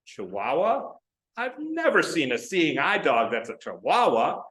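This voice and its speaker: A man's voice: on the high side, wildly swooping pitch, unhurried, fairly bright tone, full character voice. A man voicing a friendly, chatty male bartender in a joke, in a cheerful, upbeat way. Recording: roomy echo.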